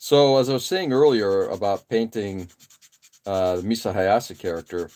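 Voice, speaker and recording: A man's voice: on the low side, normal speed. A man in his forties hosting a live stream, chatting casually and rambling with many fillers while he works on a model kit. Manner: relaxed, rambling, frequent uh fillers and self-deprecating asides. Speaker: live stream host building model kits. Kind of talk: casual chat while working.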